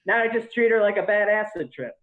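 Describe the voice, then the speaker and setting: A man's voice: high voice, a little fast, reverberant, phone-quality sound, slight background noise. Rambling, profane stand-up man on a video call. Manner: self-deprecating, rambling, profane, laughs at own jokes. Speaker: stand-up comic. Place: home during quarantine.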